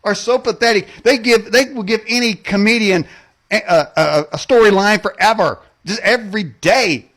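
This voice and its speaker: A man's voice: high voice, normal speed, a bit bright. A man hosting a political rant show, mocking and rambling in folksy slang, laughing at his own jokes and tacking "man" and "okay" onto his lines. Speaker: host.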